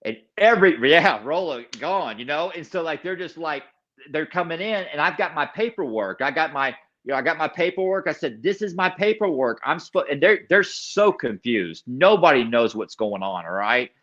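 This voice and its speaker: A man's voice: on the high side, expressive, normal speed, fairly bright tone, highs cut off. A man guest telling his personal recovery story in an interview. He is an emphatic storyteller who repeats key phrases and acts out other people's lines. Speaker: podcast guest.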